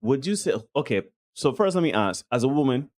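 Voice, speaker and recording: A man's voice: mid-range voice, big pitch swings, brisk, a little mellow. A man with an ordinary mid-range voice hosts a casual podcast chat. He asks long, rambling questions and keeps restarting as he works out what he wants to say. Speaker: podcast host.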